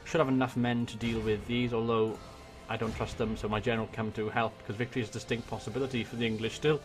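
A man from Wales with a Welsh accent, giving excitable let's-play commentary on a strategy game into a desk microphone, swearing and muttering to himself as he plays. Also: medium pitch, fast talker, music in the background. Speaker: gaming YouTuber. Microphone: desk USB microphone.

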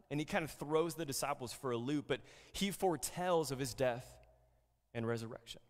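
A man's voice: a little high, lively intonation, normal speed. Conversational male pastor in an echoing hall. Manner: conversational, frequent fillers and repeated words. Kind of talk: sermon.

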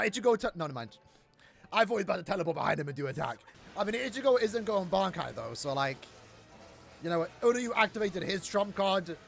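A man hosting an anime reaction video, reacting loudly with shouts and drawn-out cries, then recapping in a calmer, rambling way. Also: high voice, creaky. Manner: hyped, shouts and stretches out words in dismay. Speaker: anime reaction channel host. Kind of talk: excited anime reaction commentary.

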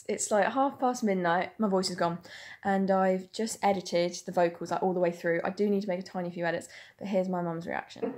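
A young woman in a casual vlog chat at home, excitable and rambling, swearing often. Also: on the low side, a little fast, a little hiss or hum. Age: young adult. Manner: chatty, excitable, swears a lot, rambling asides. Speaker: singer-songwriter.

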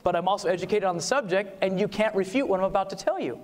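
A man giving a lively seminar lecture on music, asking the audience questions and singing short demos. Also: sits high, fast talker. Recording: long hall reverb.

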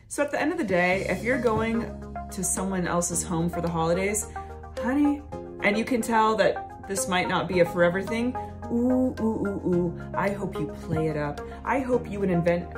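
A woman comedian telling a story in a sassy, campy way, stretching words out for emphasis. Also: medium pitch. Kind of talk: storytelling stand-up. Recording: music playing behind.

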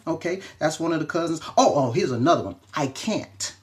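A man, a reverend and self-help speaker, gives an animated, chatty motivational talk on a live stream, greeting viewers and checking in with them often. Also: fairly high pitch, a little fast, few pauses.

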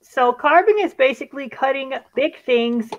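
Hosting a live stream, this woman keeps things casual and chatty, guiding the group with plenty of "all right"s. She has a high-pitched voice at normal speed. The recording is dull lo-fi stream audio with slight background noise.

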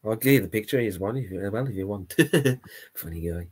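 Husky English man, teasing banter. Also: lowish voice, a little fast. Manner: teasing, laughs often. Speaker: co-host of a football watchalong. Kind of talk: casual live commentary chat.

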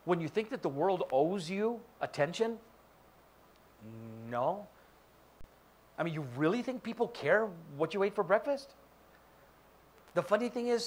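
A male pastor giving a sermon in church, joking and acting out quoted voices. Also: on the high side. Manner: animated, jokey, acts out quoted voices. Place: church sanctuary.

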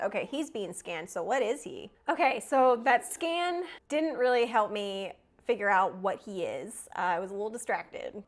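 A woman hosting a casual movie reaction video, talking to herself with quick gasps and frequent laughter. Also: medium pitch. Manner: excitable, gasps and laughs often, talks to herself.

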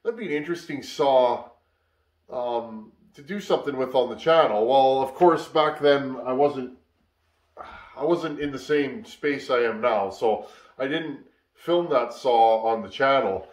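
A man's voice: medium pitch, measured pace. A man, tired after a long work week, chatting casually and rambling with lots of fillers as the host of a chainsaw repair channel in his workshop. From Canada. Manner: relaxed, rambling, many "uh" fillers. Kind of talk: casual shop chat. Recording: echoey workshop.

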